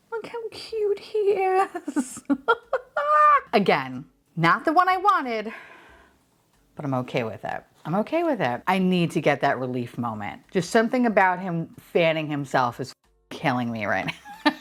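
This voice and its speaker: A young woman with a lowish voice that leaps all over the place, chatting casually through an unboxing. She swears freely and squeals and gasps at each find, her talk running from low mutters to sudden high shrieks. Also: moderate pace. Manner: excitable and profane, gasping and squealing at finds. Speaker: unboxing vlogger.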